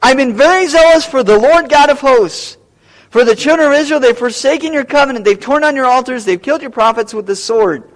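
A man voicing a proud, weary prophet who complains rapidly and boasts of being the only one left. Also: very high-pitched, sing-song, pitched above the performer's own voice, poor audio. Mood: self-pitying boast. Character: proud weary male prophet, self-pitying.

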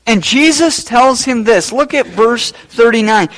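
A man preaching a sermon as pastor, rising to loud emphatic peaks and then dropping low and quiet. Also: animated, a little slow, hardly any pauses, rough recording.

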